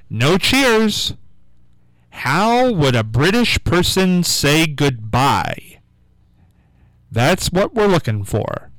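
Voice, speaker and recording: A man hosting a call-in radio quiz show, coaxing callers with repeated questions and reading out the phone number slowly. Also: fairly high pitch, a bit bright, dry recording, poor audio. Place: radio studio.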